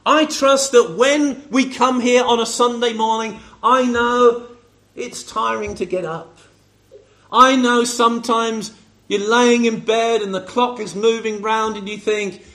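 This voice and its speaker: A high-pitched man gives a sermon in a chatty, conversational way. He keeps turning to his listeners with rhetorical questions and calls on people by name. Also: fairly even intonation, measured pace, a bit bright. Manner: conversational, addressing congregation members by name. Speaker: preacher.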